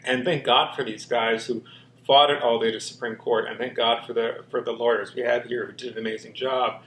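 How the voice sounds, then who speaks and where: A man's voice: medium pitch, fairly even intonation, a little fast, a bit bright. A man with a slight lisp being interviewed, telling his personal story openly and earnestly with frequent ums and restarts. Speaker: interview guest. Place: walk-in closet, indoors. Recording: roomy room echo.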